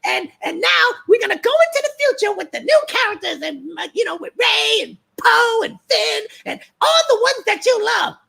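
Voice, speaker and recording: A man doing a mocking impression of a smug, chirpy male film pundit who spins everything, in a squeaky, gravelly, giggly voice. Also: big pitch swings, moderate pace, few pauses, heavily acted. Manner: mocking impression, laughing and shouting. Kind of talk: comedic impression on a livestream.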